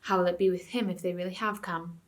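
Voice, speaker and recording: A woman voicing a wise, sharp-eyed eagle thinking to himself. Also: lowish voice, steady tone, fast, close to an everyday voice. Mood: musing. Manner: musing.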